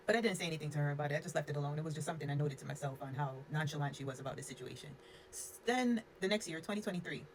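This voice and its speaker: A young woman rattles through a personal storytime at a quick clip, frank and unfiltered, leaning on "like" as she goes. Her voice sits low for a woman. A faint hiss runs underneath. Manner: frank, unfiltered, sprinkles in "like" and cussing. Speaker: storyteller vlogger. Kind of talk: casual storytime.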